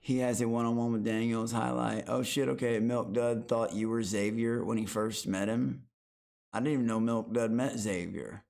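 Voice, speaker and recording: A man's voice: medium pitch, fairly even intonation, moderate pace, creaky, darkish tone. Brief: mid-voiced male streamer, loose and profane casual commentary addressed to chat. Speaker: streamer reacting to a show.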